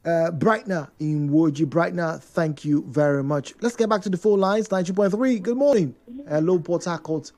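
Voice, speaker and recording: A man's voice: a little high, moderate pace, few pauses. A man hosting a radio phone-in show, reading listeners' messages and adding his own remarks. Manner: lively, reads listener messages aloud with comments. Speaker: radio host.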